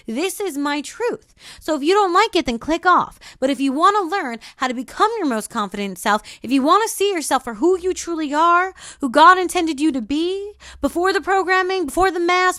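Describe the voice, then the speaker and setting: A woman's voice: sits high, fairly bright tone, no room sound, clean studio sound. A woman hosting a podcast, giving a preachy, emphatic spiritual pep talk in punchy, repetitive affirmations. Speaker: podcast host. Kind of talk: spiritual motivational monologue.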